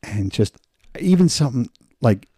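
A man's voice: medium pitch, sing-song, normal speed, warm tone, no echo, studio quality. A man co-hosting a casual podcast, laid-back and agreeable, often laughing. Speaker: podcast co-host.

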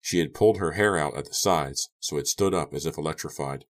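A man narrates a young-adult horror novel in a very deep voice. He keeps his reading measured and subdued. The tone stays steady between the characters' outbursts. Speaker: audiobook narrator. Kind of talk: scripted audiobook narration.

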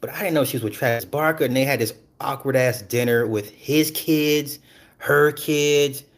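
A man ranting casually and profanely about celebrity gossip, animated and breaking into laughs. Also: mid-range voice, normal speed. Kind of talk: casual rant.

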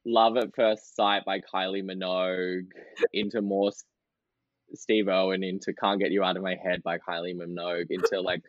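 A fairly low-pitched man talks through a podcast interview, loose and chatty, laughing often and scattering fillers. The sound is dry and a bit dull. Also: level tone, normal speed, no echo. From Australia. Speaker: podcast guest, drag performer. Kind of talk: casual interview chat.

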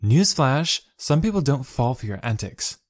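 A man's voice: medium pitch, sing-song, unhurried, pitched above the performer's own voice. A man voicing a proud, hot-tempered young woman who mocks and threatens. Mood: mocking. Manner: mocking and threatening.

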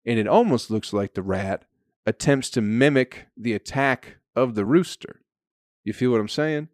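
A man's voice: mid-range voice, moderate pace, dry recording, clean studio sound. A man hosting a comedy podcast, telling a rambling, profane story full of fillers. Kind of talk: casual comedic monologue.

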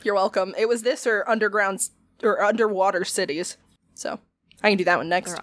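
A woman's voice: mid-range voice, fairly even intonation, a little fast, a bit bright. Blunt, swearing woman podcast host. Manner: blunt, swears often, dramatic. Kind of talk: casual podcast chat.

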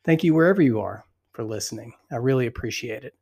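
A man hosting a devotional podcast, reading scripture slowly and reflectively while still out of breath. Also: medium pitch, lively intonation, vocal fry, a little mellow, slightly rough. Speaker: podcast host.

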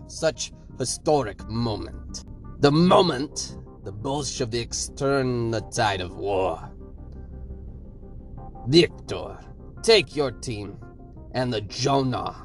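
A man putting on a slow, gloating villain with a Russian accent. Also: mid-range voice. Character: menacing Russian-accented male commander, mocking.

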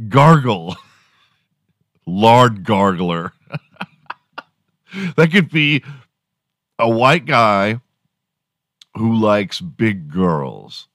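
A man's voice: lowish voice, fairly bright tone, dry recording, clean studio sound. A man in his forties hosting a solo podcast, rambling crudely and laughing at his own jokes. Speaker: podcast host. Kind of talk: solo comedic podcast rant.

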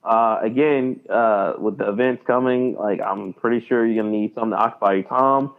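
A man co-hosting a podcast in casual chat, animated and excitable, acting out his reactions. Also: fairly low pitch, a little fast. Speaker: podcast co-host. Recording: tinny phone-like line.

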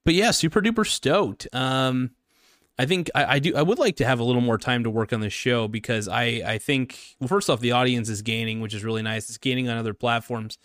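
A man's voice: mid-range voice, a little fast, a bit bright, dry recording, studio quality. A young man hosting his own podcast, chatting casually in a rambling, jokey, self-mocking way. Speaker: podcast host. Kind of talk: casual solo podcast chat.

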